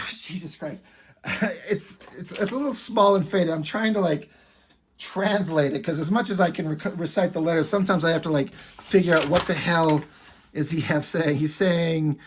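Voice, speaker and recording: Male vlogger, loose and rambling, quick to laugh and curse, casual show-and-tell delivery. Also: on the high side, slight background noise. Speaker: video creator.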